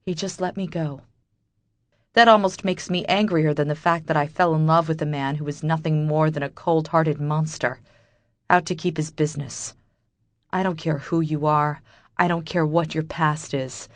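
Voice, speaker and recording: A woman's voice: sits low, fairly even intonation, moderate pace, no echo. A woman narrating a first-person romance audiobook in a bitter, wry inner-monologue manner.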